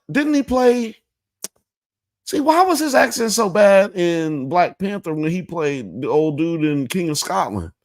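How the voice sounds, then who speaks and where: Laid-back, slangy man with a low voice. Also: no room sound, clean studio sound. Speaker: podcast host. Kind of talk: casual live-show chat.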